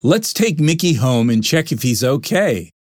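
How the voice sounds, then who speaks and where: Narrator doing a gentle old grandfather, reassuring, lively pitch, dry close sound, audiobook. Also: unhurried, no room sound. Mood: kind. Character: kind caring grandfather. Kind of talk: audiobook reading.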